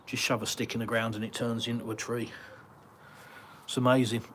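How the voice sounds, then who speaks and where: A man's voice: mid-range voice, flat delivery, fairly quick, a bit bright, a little hiss or hum. Man, English accent, live-stream host, casual rambling chat, ums and uhs, reading out comments, faint outdoor ambience. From Britain. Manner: rambling and chatty, many ums and uhs, reads comments aloud.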